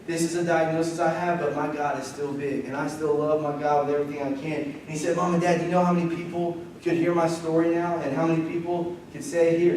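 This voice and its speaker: A young man preaching a casual, story-driven sermon in a church, quoting people in lively voices. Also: on the high side, slight background noise. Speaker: pastor. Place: church sanctuary. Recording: echoey hall from far off.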